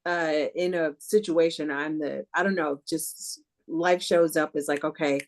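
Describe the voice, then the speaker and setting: A woman hosting a spiritual conversation, telling personal stories with quick asides and laughing as she talks. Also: low-pitched, steady tone. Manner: storytelling, warm-hearted, quick asides, laughs while talking. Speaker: host.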